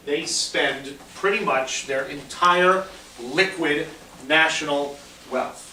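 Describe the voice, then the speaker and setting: Man, history lecture, storytelling, bright tense voice, faint hiss. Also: a little high, slow pace. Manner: animated storytelling with fillers, acts out quotes. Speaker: history teacher. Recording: roomy echo, distant mic, faint hiss.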